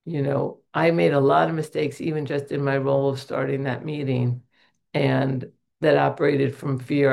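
Her voice extremely low, creaky and darkish, a middle-aged member of a recovery meeting offers an honest, heartfelt account of her life. She pokes fun at herself through the stories she tells.

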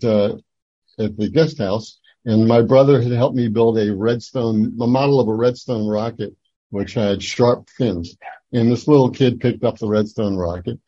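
An older man tells his own story at a recovery meeting, stopping and restarting with many fillers as he goes. His voice is mellow and husky. The recording is dry and slightly muffled. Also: mid-range voice, dry recording. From Atlantic City, New Jersey. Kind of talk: personal testimony talk.

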